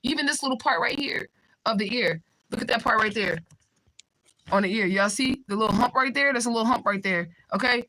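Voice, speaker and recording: Blunt young woman on a livestream, talks super fast, bright sharp voice. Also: a little high, low-quality recording. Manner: talks fast, blunt and profane, reads out comments. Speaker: livestream host reading viewer comments. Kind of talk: fast casual livestream talk.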